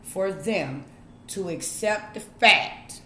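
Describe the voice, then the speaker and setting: Low, slow-talking woman lecturing her viewers. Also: animated, pushed and bright, roomy sound. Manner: preachy and blunt, talks to the audience, drawls, swears. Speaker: vlogger. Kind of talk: casual monologue to camera.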